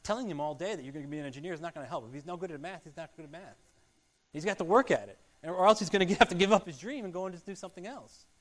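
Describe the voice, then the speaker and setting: A man preaching a sermon as a pastor, earnest and repetitive, swinging between loud emphasis and quiet asides. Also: sits high, rapid-fire. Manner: earnest, repetitive, rising and falling loudness.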